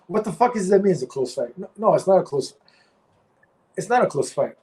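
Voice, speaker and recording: A man's voice: a little high, expressive, moderate pace, dark tone, rough recording. A man who used to fight professionally, talking heatedly in an interview, swearing often and repeating himself as he argues. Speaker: former pro fighter, guest. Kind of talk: candid interview talk.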